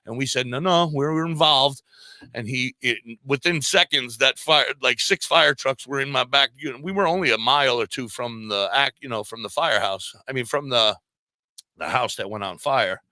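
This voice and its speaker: Animated male storyteller, bright voice. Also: medium pitch, normal speed, dry recording. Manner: animated storyteller who acts out quoted voices. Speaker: podcast guest; volunteer fire police. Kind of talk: casual storytelling.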